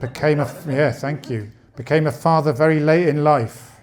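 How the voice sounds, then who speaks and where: A man's voice: fairly high pitch, normal speed, a little mellow. A man in his late fifties doing a bawdy, conversational stand-up comedy set on a club stage, speaking into a handheld mic. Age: 50s. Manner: bawdy, conversational, punchy delivery.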